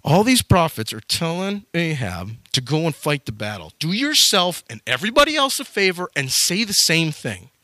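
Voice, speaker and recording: A man's voice: fairly high pitch, very animated, normal speed, hardly any pauses, bright, forceful tone, dry recording. A man voicing a tired royal servant pleading for an easy day.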